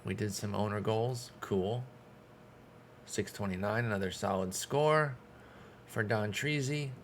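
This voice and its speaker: A man's voice: fairly low pitch, measured pace, a little hiss or hum. A man streaming a baseball management game, giving casual commentary in a frustrated, sarcastic way and swearing often.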